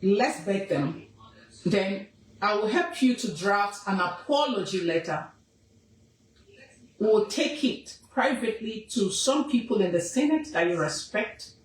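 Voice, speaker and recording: A woman's voice: mid-range voice, roomy sound, recorded from a distance, a little hiss or hum, poor audio. A woman with a Nigerian accent, an activist making an impassioned, scolding statement with emphatic repetition.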